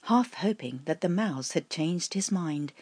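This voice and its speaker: A woman narrating a storybook in an expressive, gently animated way. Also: on the low side, a little slow, breathy edge, dry recording.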